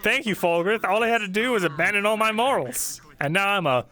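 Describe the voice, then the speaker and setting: A man's voice: high voice, animated, a little fast, sharp tone, voice pushed up. A man voicing a smug male elf wizard from his tabletop role-play character, mock-grand and self-satisfied.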